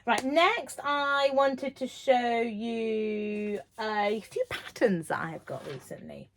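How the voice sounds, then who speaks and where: A woman's voice: on the high side, takes it slowly. A woman in her thirties chatting to camera about sewing from her home sewing room, gushing and chatty, sometimes dropping to a whisper. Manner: gushing, chatty, drops to whispers when excited. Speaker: sewing vlogger. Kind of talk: casual chat to camera.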